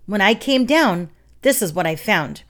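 A woman's voice: mid-range voice, expressive, measured pace, close to an everyday voice. A woman voicing a frightened, flustered male baker who stammers and breathes hard. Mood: fretful.

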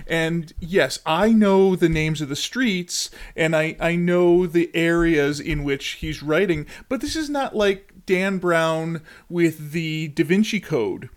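A man co-hosting a podcast, wry and joking, comparing books as he discusses them. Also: on the high side. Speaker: podcast co-host. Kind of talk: casual book discussion.

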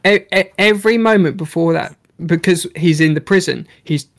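A man co-hosting a podcast reviews a film in a casual chat, swearing freely and acting out characters' lines. His voice is a little high with vocal fry, and he talks at a moderate pace.

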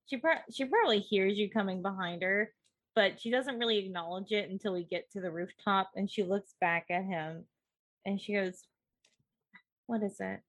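A woman's voice: medium pitch, moderate pace, dry recording. A woman casually narrating her character's actions as a player in a tabletop role-playing game. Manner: relaxed, describing actions with fillers.

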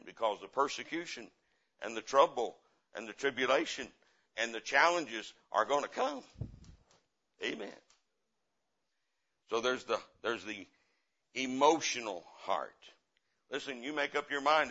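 A middle-aged man preaching a sermon as a guest missionary, telling stories in an impassioned way that swings from loud to quiet and repeats phrases for emphasis. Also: mid-range voice, big pitch swings, a little slow, long pauses. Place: church. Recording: dull lo-fi sermon recording.

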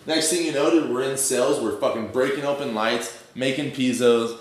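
A man's voice: medium pitch, normal speed. A young man telling a rambling, profane story in slang, full of fillers. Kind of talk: casual storytelling. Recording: very echoey room.

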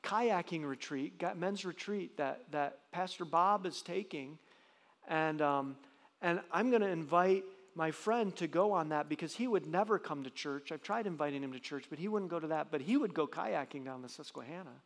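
A man's voice: fairly high pitch, moderate pace, big-room sound. A man preaching a sermon as pastor, earnest, with frequent restarts and rising emphasis.

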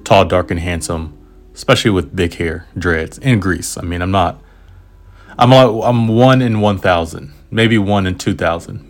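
Deep-voiced American man telling a travel story. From United States. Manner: rambling, self-aware, with frequent asides and restarts. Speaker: travel writer. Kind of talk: casual first-person travel storytelling.

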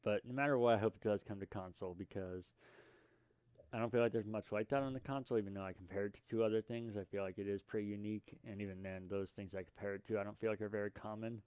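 A man's voice: on the low side, steady tone, fast, a little mellow, clear, resonant tone, dry recording. A young man hosting a casual solo podcast, rambling and self-deprecating with lots of fillers and restarts. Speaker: podcast host.

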